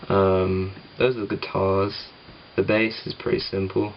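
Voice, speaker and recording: A man's voice: sits low, level tone, a little slow, vocal fry, highs cut off, faint music behind. A man casually explaining how he made his song at home, rambling and self-deprecating, with lots of ums and restarts. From England. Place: home room with guitar gear.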